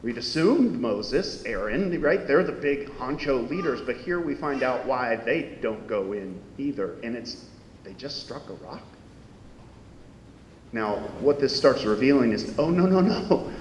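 A man preaching a sermon in a lively, conversational way, full of questions to his listeners. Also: measured pace. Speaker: pastor. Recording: echoey hall with faint rumble.

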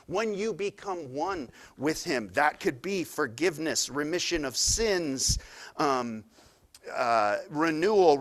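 Animated middle-aged male preacher, higher voice. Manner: conversational, animated preaching with restarts and asides. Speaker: pastor. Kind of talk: sermon.

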